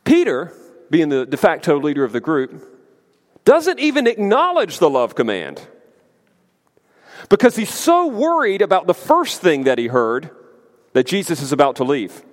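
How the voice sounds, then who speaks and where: A man preaching a sermon as pastor, emphatic and conversational, with lively asides to the congregation. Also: a little high, normal speed, long pauses. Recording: long hall reverb.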